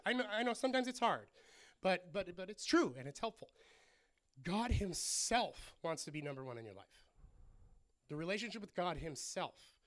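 A man with a high voice preaches to his congregation. He tells the story in an animated way and slips into the voices of the people in it as he goes. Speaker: pastor. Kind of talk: sermon.

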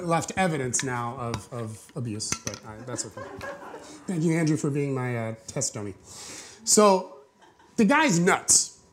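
A man preaching a sermon to a congregation, retelling a parable in a conversational, joking way. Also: fairly high pitch. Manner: conversational, jokey, acts out quotes. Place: church before a live congregation.

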